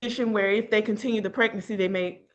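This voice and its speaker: A woman's voice: medium pitch, steady tone, fast, highs cut off. A woman from North Carolina, a podcast guest in casual political chat, talking earnestly and bluntly and often ending with "right?".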